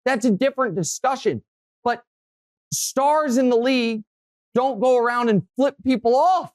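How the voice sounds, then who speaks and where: Animated male sports talk host. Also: very high-pitched, moderate pace, dry recording. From Kansas City area, USA. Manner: animated storytelling, voice rising when worked up.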